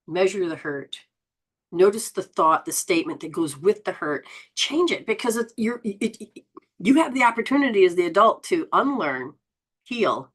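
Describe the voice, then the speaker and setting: Lively woman host with a lowish voice. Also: husky. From Southern Hemisphere. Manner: animated, exclaims and laughs often; spiritual coaching, rambling with restarts. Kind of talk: live-stream chat reading viewer comments.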